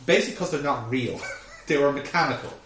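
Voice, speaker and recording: Far from the microphone, with slight background noise and room echo, a man hosts a podcast recap. His medium, slightly bright voice moves briskly as he rambles, using lots of fillers and restarting often.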